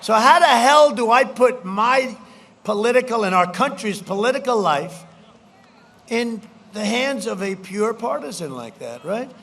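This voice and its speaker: High-voiced man giving a repetitive rally speech. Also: lively intonation, a little slow, fairly bright tone. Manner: repetitive, boastful, slips into mocking quoted voices. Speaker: political speaker at a campaign rally. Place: large outdoor rally.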